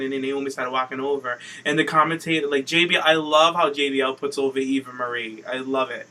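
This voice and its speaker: A man co-hosting a podcast in casual chat, animated and profane, acting out what others said. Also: mid-range voice, quick pace, few pauses. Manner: animated, profane, acts out quotes. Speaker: podcast co-host.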